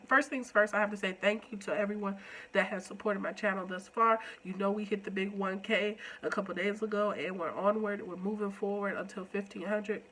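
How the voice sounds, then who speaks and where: A woman with a stuffed-up nose giving a playful, animated recap review of a TV episode. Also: medium pitch. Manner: animated and playful, with slangy asides. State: stuffed up with a cold. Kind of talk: casual recap vlog.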